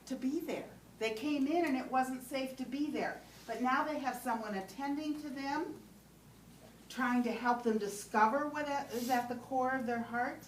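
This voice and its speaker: A woman teaching a class on compassionate listening, often checking in with "okay?" and putting questions to the group. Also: sits high. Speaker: trainer. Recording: roomy sound from a distant mic with faint background noise.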